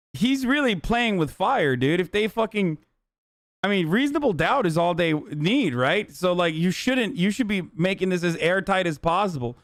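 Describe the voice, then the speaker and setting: A man's voice: a little high, dry recording, studio quality. A man streaming, giving blunt casual reaction commentary and swearing often.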